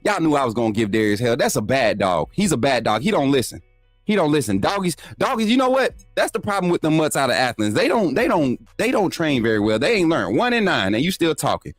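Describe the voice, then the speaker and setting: A man's voice: medium pitch, sing-song, fast, no room sound, soft background music. A man hosting a call-in sports show, trash-talking rivals and scolding his chat with laughter. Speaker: show host. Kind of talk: casual call-in sports talk.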